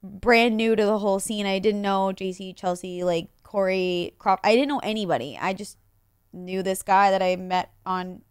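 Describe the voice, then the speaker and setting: A young woman guest in a casual chat, bubbly and animated, often laughing as she retells stories. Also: mid-range voice, moderate pace, smooth, dry recording, studio quality.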